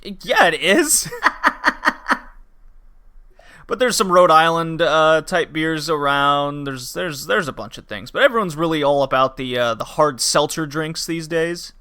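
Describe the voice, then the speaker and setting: Young male podcast host, upbeat and bright, rambling casual chat. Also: a little high, smooth. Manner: chatty, quick, loose with asides and laughs.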